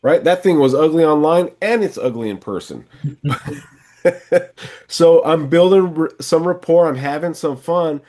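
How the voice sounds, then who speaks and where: A man's voice: fairly high pitch, unhurried, darkish tone. A man coaching a salesman one on one, casually acting out lines a salesman and a customer might say. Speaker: sales trainer and podcast host.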